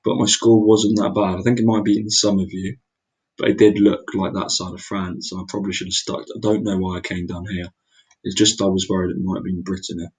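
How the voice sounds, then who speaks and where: A man's voice: sits low, flat delivery, fairly quick, a little mellow, husky, low-quality recording. A young man muttering his way through a geography guessing game, exclaiming and mocking his own mistakes. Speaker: gaming video creator. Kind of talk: casual gameplay commentary.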